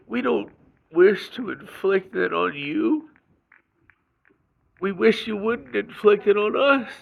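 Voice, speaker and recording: Man, slow-talking and angry, gravelly voice, raw emotional rant, dull lo-fi sound with faint music. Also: high voice. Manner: angry, raw venting with restarts and swearing. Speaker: vlogger. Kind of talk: emotional personal rant to camera.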